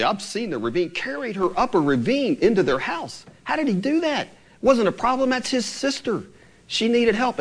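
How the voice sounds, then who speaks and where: A man preaching a sermon in a church, earnest, slowing down to quote scripture and lifting his voice for emphasis. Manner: earnest, rises and falls in pitch for emphasis, slows to quote scripture.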